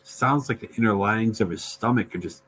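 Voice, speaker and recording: A man on a casual live-stream chat, throwing in quick joking reactions. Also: fairly low pitch, fairly bright tone, breathy edge.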